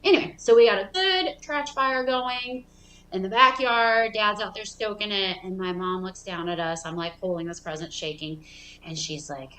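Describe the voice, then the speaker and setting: A woman in her thirties doing stand-up comedy storytelling. She talks casually and rambles, with frequent fillers and asides, at an ordinary pitch for a woman. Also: moderate pace, pushed and bright, reverberant, poor audio. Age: 30s.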